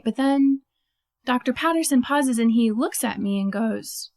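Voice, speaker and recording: A woman telling a first-person story on stage, animated and self-mocking, with lots of "like" and quick laughs at herself. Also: fairly high pitch. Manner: laughs at her own story.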